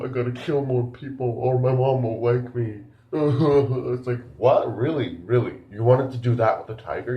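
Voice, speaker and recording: Rambling low-voiced man reviewing a film. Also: a little mellow, echoey room. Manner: rambling, incredulous, many fillers. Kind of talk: casual spoken film review.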